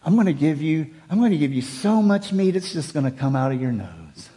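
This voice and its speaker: A man voicing God as exasperated yet wryly amused, with drawn-out, sardonic repetition. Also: a little high, very animated, mellow, pitched below the performer's own voice. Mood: wry exasperation.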